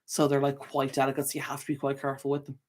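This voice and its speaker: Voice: mid-range voice, completely flat delivery, very fast. Chatty, laughing livestream host. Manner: chatty and rambling, frequent laughter and self-corrections. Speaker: channel host. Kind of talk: casual livestream chat, reading viewer comments.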